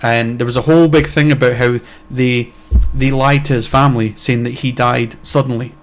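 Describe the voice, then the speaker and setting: A man's voice: medium pitch, fairly even intonation, normal speed, soft background music. Heated, blunt-talking young man. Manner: blunt, heated, swears freely. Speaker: podcast co-host. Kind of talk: casual podcast chat.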